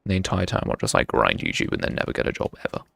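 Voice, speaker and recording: A man's voice: very deep voice, sing-song, very fast, creaky, fairly bright tone, breathy edge, no room sound, clean studio sound. A young man chatting casually while streaming a game, thinking aloud with wry self-mockery. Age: young adult. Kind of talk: casual live gameplay commentary.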